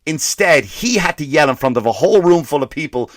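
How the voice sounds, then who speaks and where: A male comedian and podcast host ranting in a profane, animated way, slipping into mock voices for the people he quotes. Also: fairly high pitch, a little fast, no room sound, clean studio sound. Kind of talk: comedic rant.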